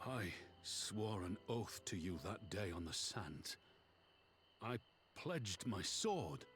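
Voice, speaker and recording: A man's voice: fairly low pitch, animated, slow, a bit bright, slight background noise. A man voicing a loyal veteran general in a video game cutscene, speaking in a formal, old-fashioned way. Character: loyal veteran male general, gruff and devoted. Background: game music.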